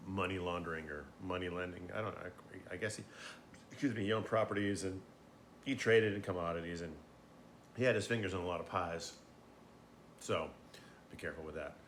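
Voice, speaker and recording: A man's voice: low-pitched, steady tone, fairly quick, long pauses, fairly bright tone, a little hiss or hum. Tipsy man rambling with lots of swearing. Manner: meandering, profane, frequent fillers and restarts. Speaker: host. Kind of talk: casual rambling monologue.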